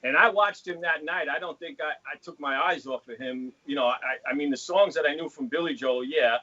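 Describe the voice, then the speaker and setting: A man's voice: a little high, brisk, sharp tone, muffled recording. A man in casual chat as a guest on a video call, rambling, with lots of you know. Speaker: guest drummer.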